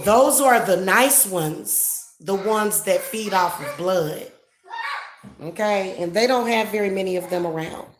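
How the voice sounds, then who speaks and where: A middle-aged spiritual reader and channel host, with a medium-pitched, slightly bright voice, complains to her viewers about her irritations. The venting is casual, irritated, profane and emphatic, recorded in an echoey room with some faint noise.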